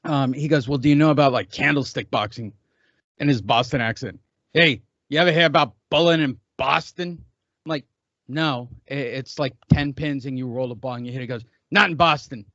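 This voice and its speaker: A man's voice: medium pitch, normal speed, fairly bright tone, no echo. A middle-aged man hosting a podcast, joking and rambling in casual chat. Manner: rambling, joking, laughs often. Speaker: podcast host. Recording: dull lo-fi dry recording.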